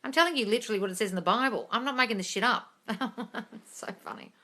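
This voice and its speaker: A woman hosting a casual live-stream Q&A as a manifesting coach, blunt and sweary, swinging between muttered asides and loud exclamations. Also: fairly high pitch, quick pace. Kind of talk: casual live-stream chat reading comments.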